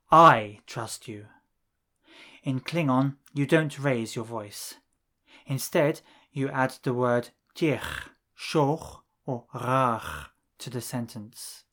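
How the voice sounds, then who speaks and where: A man narrating a scripted language lesson, reading drill phrases in a measured way with pauses between them. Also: mid-range voice. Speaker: language teacher.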